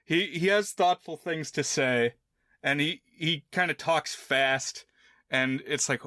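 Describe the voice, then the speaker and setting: A man's voice: on the high side, a little slow, sharp tone, dry recording, studio quality. A man co-hosting a film podcast, talking casually and thinking aloud with lots of fillers. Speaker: podcast co-host.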